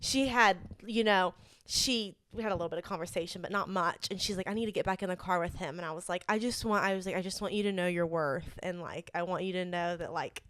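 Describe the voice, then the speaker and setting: A woman's voice: lowish voice, fast, a bit bright, no room sound. A young woman co-hosting a podcast, telling a personal story in casual chat, earnest and full of "like" fillers. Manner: chatty, many "like" fillers, earnest. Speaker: podcast co-host.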